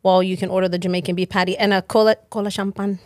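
A woman's voice: mid-range voice, flat delivery, racing, darkish tone, no echo, clean studio sound. A woman pastor co-hosting a podcast in casual chat, playful and teasing, laughing often.

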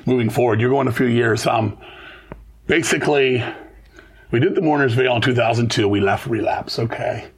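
A man's voice: medium pitch, husky. A middle-aged man telling blunt, profane stories in an interview and acting out the voices of the people in them. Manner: fast, swearing, animated, acts out quoted voices. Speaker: interview guest, metal musician. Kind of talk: profane storytelling chat.

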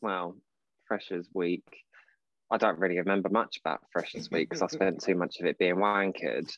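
A man from Portsmouth, chatting casually as a podcast co-host, telling lively stories and acting out voices. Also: deep voice, normal speed, muffled recording. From Portsmouth, England. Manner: chatty storyteller, calls his partner babe, acts out voices in quotes. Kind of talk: casual chat.

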